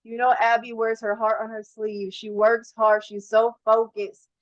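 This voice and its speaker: A woman's voice: fairly high pitch, flat delivery, measured pace, highs cut off. A young woman giving a heartfelt, faith-filled motivational speech on a video call. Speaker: guest speaker on a team call.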